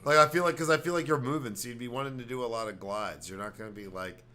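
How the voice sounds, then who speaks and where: Male podcast host, mid pitch, loose joking banter, faint background noise. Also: fast, pushed and bright. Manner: joking, riffing, puts on silly voices. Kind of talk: casual chat.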